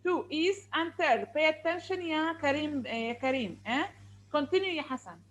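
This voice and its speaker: A woman's voice: high-pitched, animated, brisk, slight background noise, poor audio. A woman teaching an online English lesson over a video call, asking questions over and over in a firm way.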